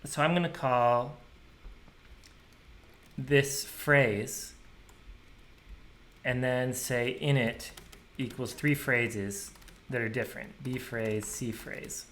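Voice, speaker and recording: A man walking through a program he wrote, thinking aloud in a relaxed, casual way and scatting drum rhythms. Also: mid-range voice, slow pace, long pauses. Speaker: programmer demonstrating his software. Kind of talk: casual screen-share tutorial.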